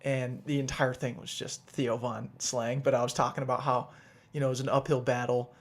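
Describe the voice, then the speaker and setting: A man's voice: mid-range voice, flat delivery, a little fast. A man co-hosting a podcast in casual chat, rambling through upbeat banter with restarts. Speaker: podcast co-host.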